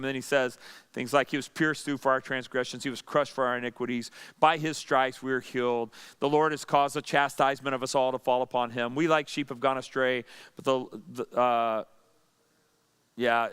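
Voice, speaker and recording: A man's voice: on the high side, a bit bright, clear, resonant tone. A pastor leading a Bible study, teaching in a conversational way, asking and answering his own questions.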